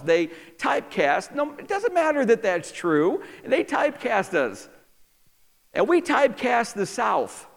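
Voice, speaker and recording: A pastor from New York preaches a sermon in an extremely high, creaky voice at a measured pace, with a long reverb tail. He is an animated preacher, asking the crowd question after question as he explains the land and its people.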